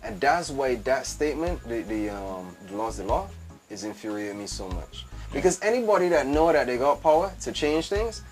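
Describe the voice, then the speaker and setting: Over soft background music, a man with a mid-range, darkish voice swings widely in pitch at a moderate pace. Appearing as a guest fashion entrepreneur in lively casual conversation, he emphatically repeats phrases and calls the host "B" again and again.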